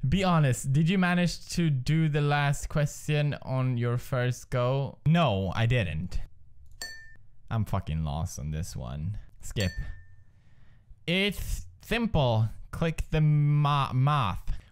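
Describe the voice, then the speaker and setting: Excitable swearing gamer man. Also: mid-range voice, slow pace, a little hiss or hum. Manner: excitable, yelling and swearing at the game. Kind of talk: let's play commentary.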